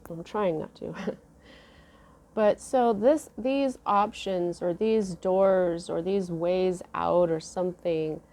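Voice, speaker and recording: A woman giving a casual tarot reading, musing slowly with many fillers and restarts. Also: fairly low pitch, a little mellow, a little hiss or hum. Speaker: tarot reader.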